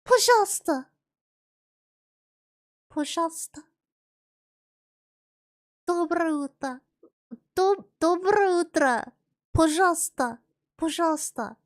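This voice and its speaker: A woman voicing a cute, playful young Russian girl in a put-on Russian accent, speaking slow, broken English. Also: very high-pitched, lively intonation, voice pushed up, exaggerated voice. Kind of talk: live-stream goofing.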